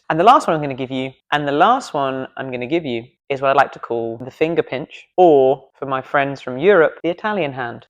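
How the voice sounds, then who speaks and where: A man's voice: fairly high pitch, animated, moderate pace, few pauses. A man coaching public speaking in a casual video lesson, playful and self-deprecating, demonstrating gestures as he talks in a studio.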